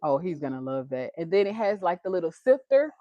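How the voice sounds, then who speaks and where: A woman's voice: lowish voice, big pitch swings, a little fast, dry recording, lo-fi sound. A woman, chatting casually on a livestream, laughing often and reading viewer comments aloud. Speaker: livestream host.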